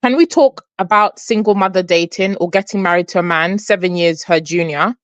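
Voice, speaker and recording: A woman with a lowish voice co-hosts a casual chat. She playfully goads her friend, and the sound is dry and close. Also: fairly quick, no echo, highs cut off. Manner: playful, egging on. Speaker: co-host.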